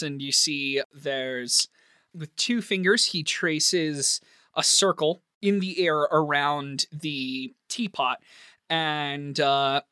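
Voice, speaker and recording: A man narrating a tabletop game as game master, animated and often laughing. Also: on the high side, clean tone, dry recording, clean studio sound.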